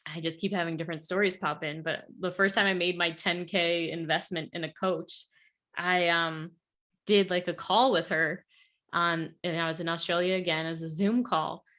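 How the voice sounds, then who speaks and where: Chatty woman coach, slightly low voice. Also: steady tone, normal speed, a bit bright. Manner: chatty, lots of "like", earnest. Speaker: podcast guest, weight loss coach. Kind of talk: casual podcast conversation.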